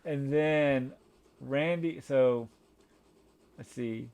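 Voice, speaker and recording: On a casual film review podcast, this co-host speaks in a mid-range, somewhat mellow voice, drawing his words out. His talk wanders, full of fillers and false starts.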